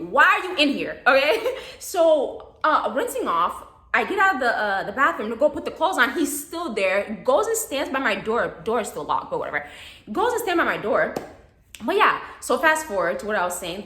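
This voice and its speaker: Young woman, storytime vlogger, bright lively delivery, roomy echo; casual and expressive. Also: a little high. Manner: animated, chatty, laughs often, acts out quotes. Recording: echoey room.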